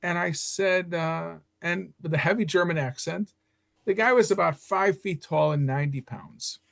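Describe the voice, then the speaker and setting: An older man from Chicago, a guest historian, telling stories in an animated way in a podcast interview. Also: moderate pace, vocal fry. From Chicago, USA. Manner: animated storyteller, leaps up in pitch when excited.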